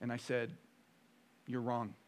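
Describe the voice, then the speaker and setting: A man preaching a sermon as pastor, emphatic and full of rhetorical questions, moving between quiet stretches and loud bursts. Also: mid-range voice, completely flat delivery, takes it slowly.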